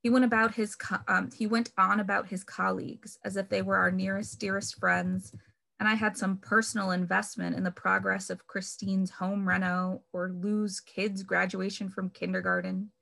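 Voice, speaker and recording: A woman reading aloud from her own novel in progress, measured and wry, leaning on key words for emphasis. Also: mid-range voice, little pitch movement, gravelly, sharp tone.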